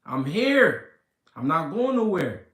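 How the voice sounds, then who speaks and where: A man hosting a casual livestream, reading comments and talking slow and deliberate, repeating himself and swearing. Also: fairly high pitch, sing-song, a bit bright. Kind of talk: casual livestream talk about boxing. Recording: roomy echo.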